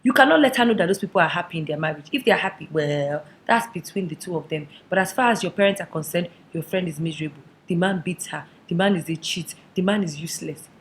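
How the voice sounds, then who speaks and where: A woman's voice: lowish voice, lively intonation, quick pace, hardly any pauses. A young woman delivers a comic advice monologue to camera. She talks in a sassy, conspiratorial way, leaning into every punchline. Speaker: vlogger.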